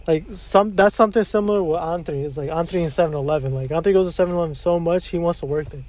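A man's voice: on the high side, racing, darkish tone. A young man co-hosting a podcast in casual chat, laid-back and slangy, saying bro a lot. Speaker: podcast co-host.

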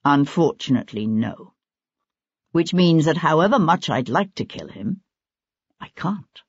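A woman voicing a composed aristocratic young man in an audiobook, speaking low and measured. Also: expressive, slightly rough, no room sound, lo-fi sound, exaggerated voice.

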